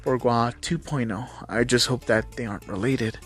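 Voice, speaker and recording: Ancient heroine woman, gentle mentor, calm and patient, softly chiding, middling pitch, as a man reads her. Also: normal speed, faint music behind, lightly acted. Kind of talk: fan fiction read aloud.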